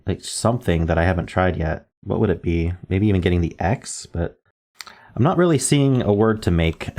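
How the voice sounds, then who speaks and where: Low-voiced man musing over word puzzles. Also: a little mellow. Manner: muses aloud, spells out letters, self-corrects. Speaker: word game streamer. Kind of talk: casual thinking-aloud gameplay commentary.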